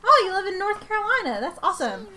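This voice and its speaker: A woman's voice: very high-pitched, very animated, fast, very noisy. A woman from North Georgia with a Southern accent, chatting casually and giggling often while live-streaming a game. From North Georgia, USA.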